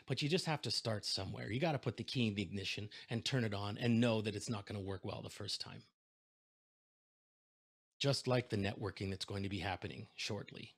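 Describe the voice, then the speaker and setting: A man's voice: fairly low pitch, fairly quick, slightly rough. A man giving a keynote talk over a video call, telling a story and acting out the voices of the people in it. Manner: animated storyteller, acts out quoted voices. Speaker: keynote speaker. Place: home setup, video call. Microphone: desk microphone.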